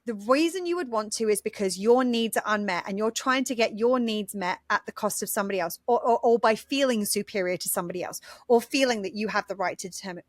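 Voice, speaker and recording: Higher-voiced woman co-hosting a podcast. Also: dry recording, studio quality. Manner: explains at length, earnest and lively. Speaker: podcast co-host. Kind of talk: casual conversational podcast.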